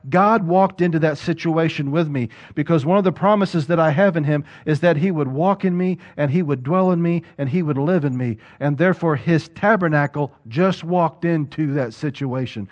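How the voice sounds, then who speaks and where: A male pastor preaches to his congregation with a voice pitched a little high. He presses his points with rhetorical questions and repeated words. The recording sounds dull and lo-fi. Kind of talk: sermon.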